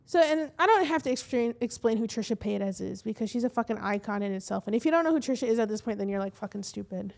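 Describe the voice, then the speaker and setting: A woman's voice: a little high, expressive, fast talker, vocal fry, hardly any pauses, darkish tone. A woman with a Midwestern American accent co-hosting a podcast, telling gossip in a rambling, swear-heavy way. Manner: swears freely, rambling storytelling with lots of fillers. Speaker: podcast co-host. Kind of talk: casual chat.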